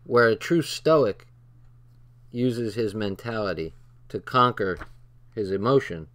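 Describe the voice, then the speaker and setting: A channel host with a fairly bright voice on the low side reads from a text slowly, with lively intonation. His commentary is casual, blunt and profane, pulled from his own life stories.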